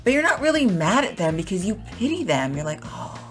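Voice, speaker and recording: A woman with a mid-range voice teaches English vocabulary in a casual, chatty lesson, explaining with everyday examples and fillers. She is very animated and talks fast.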